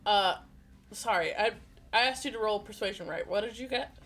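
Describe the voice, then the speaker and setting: A woman runs a tabletop game as game master, narrating scenes in a rambling way full of fillers. Her voice is bright and forward, at a middling pitch. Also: moderate pace. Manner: rambling, many fillers and apologies.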